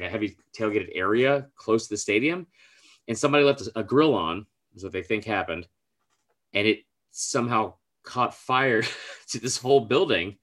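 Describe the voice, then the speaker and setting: Male podcast co-host, bright voice, casual and rambling storyteller. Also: medium pitch. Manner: rambling storyteller, lots of filler "like", swears casually.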